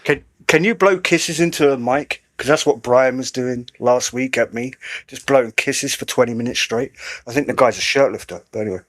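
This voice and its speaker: A man's voice: medium pitch, fairly bright tone, no room sound. A man co-hosting a casual livestream chat, chatty and joking. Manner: chatty, joking, quick to laugh. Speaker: co-host.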